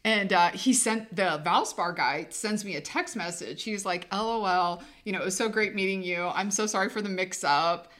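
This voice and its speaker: Woman, podcast co-host, casual storyteller, bright tone, mid pitch. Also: normal speed, hardly any pauses. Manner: rambling, laughing as she tells a story.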